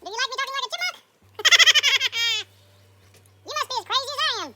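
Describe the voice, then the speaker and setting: A man talking in a sped-up, squeaky chipmunk voice, teasing and playful as he banters. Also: expressive, rapid-fire. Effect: sped-up high pitch.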